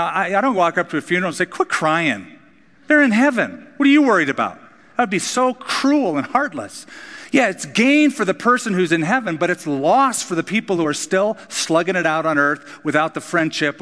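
A man preaching a sermon as pastor, earnest, moving between casual asides and emphatic high points. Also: fairly bright tone. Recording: long reverb of a large hall.

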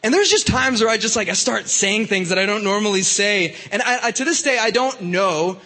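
A man's voice: sits high, animated, fairly quick, pushed and bright, long reverb tail. A man preaching to young people in a casual, conversational way, with many fillers and restarts. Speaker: youth pastor. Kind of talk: youth sermon.

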